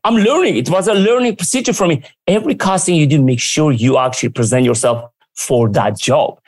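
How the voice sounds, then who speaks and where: A man telling stories from his working life in a lively, animated way, often acting out what others said. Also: fairly high pitch, a little fast, no echo. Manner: lively, acts out quoted dialogue. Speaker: guest. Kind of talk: casual storytelling.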